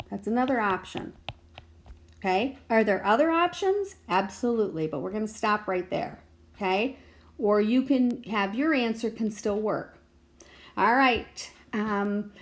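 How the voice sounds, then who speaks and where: A woman teacher walking through a math practice lesson, patiently thinking aloud and checking in with her students. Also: mid-range voice. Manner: patient, checks in with "okay?" and "right?".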